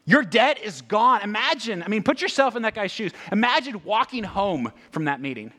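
Speaking at a normal speed in a voice that sits high, this pastor delivers his sermon conversationally. He's animated and keeps asking his listeners rhetorical questions, often tossing in a "right?"

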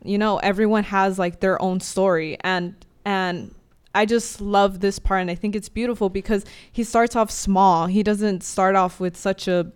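A young woman co-hosting a faith podcast, speaking gently with many fillers. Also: mid-range voice, fairly even intonation, moderate pace, clear, resonant tone. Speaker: podcast co-host. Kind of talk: casual faith discussion.

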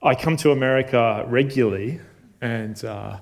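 A man's voice: mid-range voice, moderate pace, creaky. A man with an Australian accent, giving a conversational sermon as a guest preacher from a church stage, telling a story with many fillers and self-deprecating asides. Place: church auditorium.

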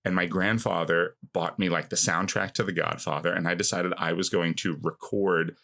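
A man in his fifties, a guest telling a funny story from his youth in a casual, animated, self-mocking way, filling his speech with "like" and "you know". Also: low-pitched, moderate pace, vocal fry. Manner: animated, self-mocking, heavy use of filler words.

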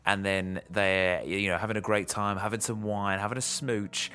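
A man's voice: lowish voice, steady tone, moderate pace, bright, forceful tone. A man hosting a podcast, chatting casually and making playful joking guesses about a film. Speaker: podcast host. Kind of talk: casual chat.

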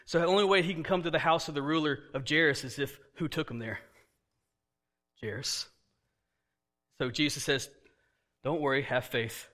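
Man, pastor, sermon, animated storyteller, quiet low asides, high voice. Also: moderate pace, pauses often. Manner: animated, acts out dialogue, laughs often.

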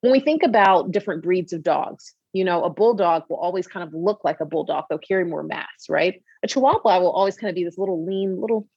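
A woman physician on a talk show, telling a patient story in an animated, conversational way with many asides. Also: on the low side, a little fast, hardly any pauses, breathy edge, no room sound, dull audio. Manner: animated storyteller, frequent "you know" asides. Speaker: obesity medicine physician guest.

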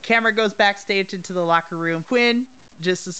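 A man's voice: high voice, normal speed, bright, forceful tone, clean tone. A man running a tabletop wrestling role-play as game master, narrating casually.

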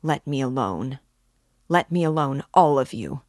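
A feverish young man lying sick in bed in a classic novel, read by a woman. He speaks with bitter, frenzied scorn in a low voice. The recording is close and dry. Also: takes it slowly, no room sound.

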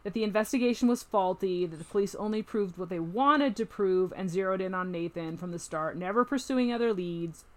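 A woman hosting a casual true crime chat, animated, reading letters aloud with emphasis. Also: medium pitch, a little fast, hardly any pauses. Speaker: podcast host.

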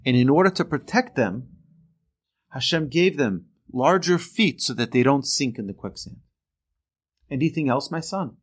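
A man voicing a patient old sage who answers in a calm, fatherly way. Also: medium pitch, normal speed, natural voice. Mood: gentle.

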